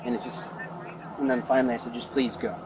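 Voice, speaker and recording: A man's voice: mid-range voice, very animated, fast, creaky. A young man, a neighbor, rambling through a retelling of events to police outdoors and acting out what others said. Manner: rambling, acts out quoted talk. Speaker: neighbor giving a statement. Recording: noisy outdoor body camera audio.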